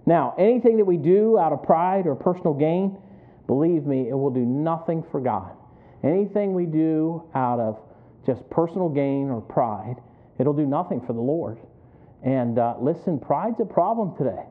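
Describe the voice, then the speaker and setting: A man's voice: a little high, lively intonation, moderate pace. A man preaching an earnest, conversational sermon to his congregation, asking rhetorical questions. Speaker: pastor. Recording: tinny phone-like sound.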